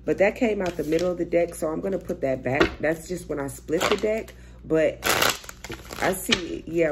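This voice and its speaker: A woman's voice: lowish voice, vocal fry, very noisy. A young woman doing a casual, chatty tarot reading, swearing freely and thinking aloud as she turns cards. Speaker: tarot reader.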